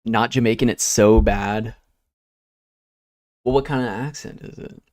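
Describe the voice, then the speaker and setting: A man's voice: lowish voice, measured pace, darkish tone, dry recording, clean studio sound. A young man streaming, chatting casually and rambling while he works, with easygoing talk and casual swearing. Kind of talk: casual chat while working.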